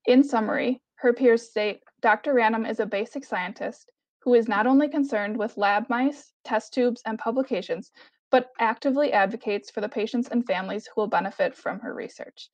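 A woman with a slightly high voice reads an award citation at a formal, even pace. The sound is dry and close, with no room echo. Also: moderate pace. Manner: formal, steady reading. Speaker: award presenter.

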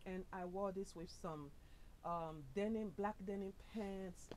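A woman hosting a casual fashion try-on vlog, chatty and upbeat, pushing her usually soft voice louder and recorded on the camera mic because her lapel mic is missing. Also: medium pitch, fairly even intonation, a little slow, slight background noise, rough recording. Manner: chatty and upbeat, full of fillers and "sis". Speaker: fashion vlogger.

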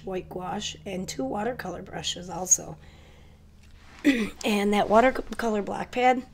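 A woman with a stuffy cold voice, chatting quickly and casually to her viewers in a crafting haul video. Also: medium pitch, vocal fry. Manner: chatty, hurried, addresses viewers directly. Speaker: crafting vlogger.

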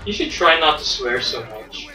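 A man's voice: on the high side, very animated, moderate pace, bright, forceful tone. A young man playing a co-op shooter with friends, sarcastic and swearing when frustrated. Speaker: gamer playing co-op. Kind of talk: casual let's-play chat. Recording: roomy, distant mic, game music.

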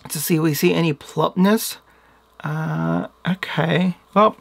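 A woman's voice: on the low side, gravelly. A woman vlogger chatting casually and giggling while she unboxes beauty products, talking straight to her viewers.

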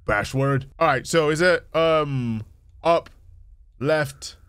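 A young man commentating a horror game playthrough, reacting excitably and reading the on-screen text aloud. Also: on the high side, smooth, dry recording. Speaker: gaming youtuber.

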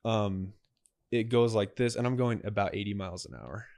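A man's voice: fairly low pitch, moderate pace, creaky, no echo. Young man animatedly telling a story. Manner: animated, acts out dialogue. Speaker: podcast co-host. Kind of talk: casual storytelling.

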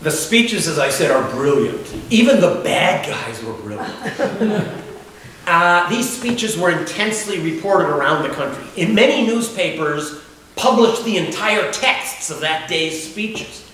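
A man's voice: high-pitched, animated, measured pace, fairly bright tone, a little hiss or hum. A man giving a public lecture as an author, speaking in a conversational, wry way with frequent filler sounds. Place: large echoey meeting hall. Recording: echoey hall from far off.

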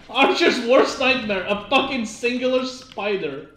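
A streamer in loud, excitable live gameplay chat, laughing and swearing often. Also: medium pitch, a little slow, reverberant, slight background noise.

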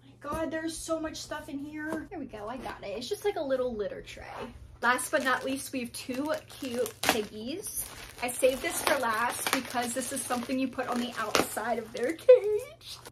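Bubbly high-voiced young woman vlogger. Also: normal speed, very noisy. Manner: bubbly, giggly, gushing. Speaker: pet vlogger. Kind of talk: casual vlog.

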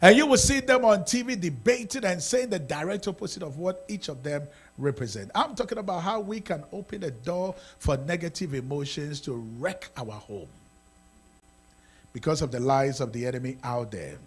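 A man with a Ghanaian accent preaching a sermon as pastor, swinging from quiet talk to shouting. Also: a little high, lively intonation, moderate pace, husky.

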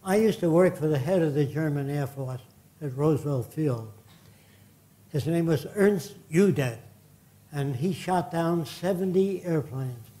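An older man delivering a lecture in a blunt, indignant manner, peppering his points with profane asides. His voice sits a little high for a man, with a dark, mellow tone. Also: expressive, measured pace. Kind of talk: public lecture with audience Q&A.

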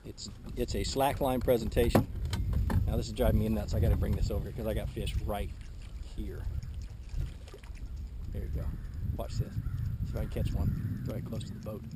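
A relaxed, chatty man explains his technique while he fishes from a boat on open water. He talks to a camera mic that he moves around as he works. Clear boat and water noise runs under his voice. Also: lowish voice, moderate pace, pauses often. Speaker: fishing instructor. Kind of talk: casual how-to demonstration. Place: on a boat on a lake, outdoors. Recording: outdoor camera audio with noise.

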